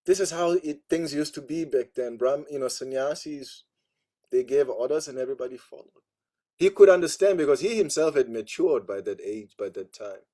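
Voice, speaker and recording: A man's voice: medium pitch, expressive, moderate pace, warm tone. Brief: male spiritual teacher, online class, chatty storyteller, mid-range voice. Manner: conversational, frequent "you know" asides.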